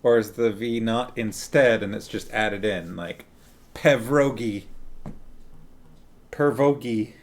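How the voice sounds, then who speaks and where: A man's voice: lowish voice, unhurried, hardly any pauses. A man chatting casually on a live stream, greeting viewers one by one and talking playfully to his dog at home.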